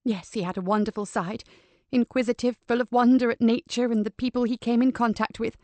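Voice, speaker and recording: A grave, dignified older mother, as a woman narrator puts her on speaks in an even, controlled tone. The delivery is quiet and softly measured, close and dry. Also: on the high side, no echo, lightly acted. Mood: tender.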